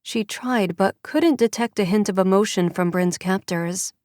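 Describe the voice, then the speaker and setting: A woman narrating an audiobook in a measured storytelling way. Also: medium pitch, darkish tone, dry recording, studio quality. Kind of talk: scripted narration.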